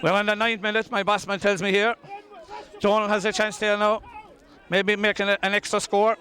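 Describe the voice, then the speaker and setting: An Irish man giving live, openly partisan commentary on a hurling match outdoors, excitable and often shouting. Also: high voice, moderate pace, slight background noise. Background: crowd and outdoor ambience.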